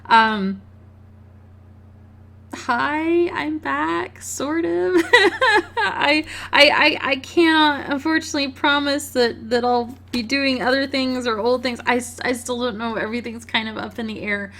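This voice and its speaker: A woman's voice: sits high, a little slow, creaky, a bit bright. A woman hosting a game let's play, reading the story aloud and commenting emotionally, tearful, stammering and laughing.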